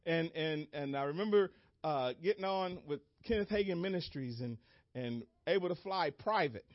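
Guy preaching, tells it like a story, yells out bits and cracks up, fairly high voice, dull dry lo-fi audio. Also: normal speed, dry recording. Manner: animated, comic reenactments with sudden shouted cries and laughter. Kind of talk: sermon storytelling.

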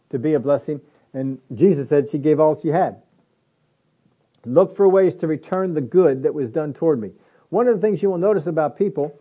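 A man preaching a conversational sermon, slowing down to repeat his key phrases for emphasis. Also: fairly high pitch. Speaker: pastor. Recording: phone-like narrow band.

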